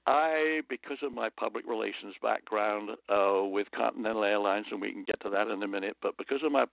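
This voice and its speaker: A man from London with a British accent speaks fairly quickly in a gravelly, lowish voice over a dry, tinny phone line with no room sound. As an interview guest, he tells anecdotes like an earnest raconteur and slips into motivational asides.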